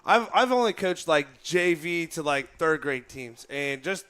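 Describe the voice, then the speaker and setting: A man co-hosting a sports podcast, excited and joking with his guest. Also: on the high side, unhurried, clear, resonant tone. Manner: excited, laughing, jokey. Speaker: podcast co-host. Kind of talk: casual podcast chat.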